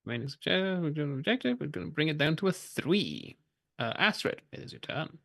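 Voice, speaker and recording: A man's voice: a little high, big pitch swings, brisk, creaky, a bit bright. Casual man running a tabletop game. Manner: casual, narrates with loose asides and fillers. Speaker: game master.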